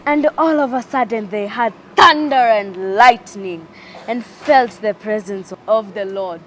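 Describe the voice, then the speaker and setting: A woman telling a Bible story to children in an expressive, animated way. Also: mid-range voice, a little slow, a little hiss or hum.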